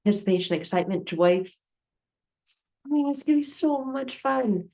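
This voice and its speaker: A woman's voice: sits high, animated, moderate pace, creaky, pauses often, warm tone. A woman self-help speaker giving a motivational talk, storytelling with repeated, building phrases. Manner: storytelling with repetitive build-ups.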